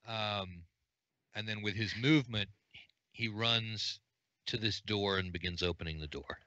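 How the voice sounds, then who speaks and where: A man with a lowish, bright voice runs a tabletop game, narrating in a halting, filler-heavy way. The recording is dull and lo-fi, and the room has no echo. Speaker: game master.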